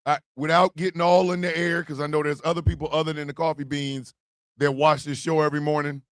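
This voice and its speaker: A man hosting a casual morning show, loud and profane, often shouting and laughing as he talks. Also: a little high, level tone, fast, dry recording, studio quality. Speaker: host of a morning stream show.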